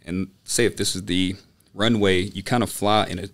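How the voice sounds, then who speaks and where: Man, lowish voice, casual podcast guest, animated storyteller, lots of fillers. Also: normal speed. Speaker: podcast guest, student pilot. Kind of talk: casual chat.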